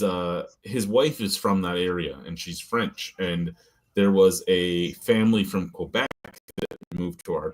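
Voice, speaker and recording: A middle-aged man from the Ottawa Valley, hosting a casual live-stream chat and telling blunt, profane stories with frequent laughs. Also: fairly low pitch. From Ottawa Valley, Canada. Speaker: podcast host.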